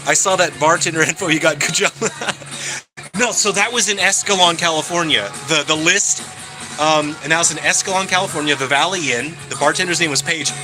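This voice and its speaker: A man's voice: on the high side, fairly quick, music in the background, low-quality recording. A man chatting casually and cheerfully on a live stream, answering his viewers as he goes. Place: hangout spot in California.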